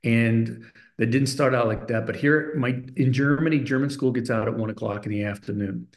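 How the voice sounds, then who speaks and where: A man's voice: medium pitch, moderate pace. A middle-aged man, a podcast guest, telling a personal story in conversation and acting out the voices of the people in it. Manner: animated storyteller who acts out voices of people in his story.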